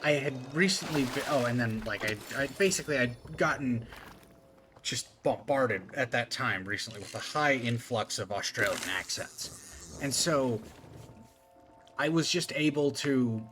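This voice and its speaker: A man's voice: mid-range voice, expressive, a little slow, fairly bright tone, faint music behind. A man from Appalachia with a faint rural accent, chatting casually as a streamer and telling rambling stories full of fillers. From Appalachia, USA. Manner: rambling storytelling with many fillers. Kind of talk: casual chat while gaming.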